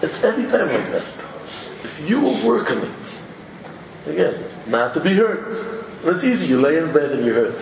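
Animated man teaching in a hall. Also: on the high side, normal speed, gravelly. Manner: animated, mixes Hebrew and Yiddish terms into English. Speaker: religious teacher. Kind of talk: informal Torah talk. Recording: echoey hall from far off, faint ambient noise.

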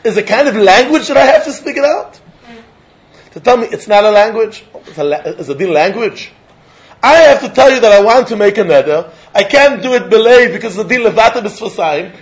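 High-voiced man giving a Talmud lecture. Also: dull audio. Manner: lively, questioning, mixes English with Yiddish and Hebrew terms. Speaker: Talmud teacher.

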